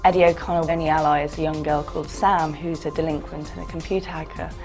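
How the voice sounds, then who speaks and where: A woman's voice: deep voice, flat delivery, fast talker, darkish tone, soft background music. A woman game developer answering interview questions hesitantly, with many ums.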